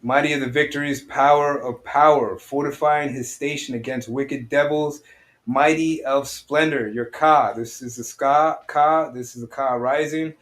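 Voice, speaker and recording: A man's voice: medium pitch, steady tone, measured pace, fairly bright tone. Man teaching an online study group. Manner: reads a line, then explains it in plain talk; addresses listeners directly with questions. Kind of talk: reading aloud and explaining a text.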